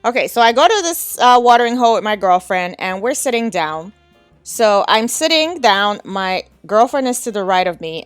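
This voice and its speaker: A woman's voice: medium pitch, a bit bright, no echo. Candid woman podcast host telling a story. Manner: candid, frank, laughs often. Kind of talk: casual storytelling.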